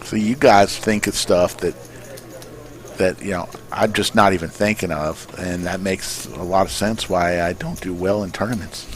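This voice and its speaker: A man's voice: deep voice, steady tone, moderate pace. A man doing live play-by-play poker commentary in a folksy, joking way. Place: poker club.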